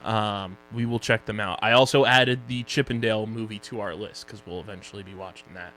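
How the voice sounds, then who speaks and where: A man with a Philadelphia accent co-hosting a casual podcast, joking and running quickly through plugs and sponsor reads. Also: on the low side, steady tone, bright, forceful tone, a little hiss or hum, rough recording. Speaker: podcast co-host.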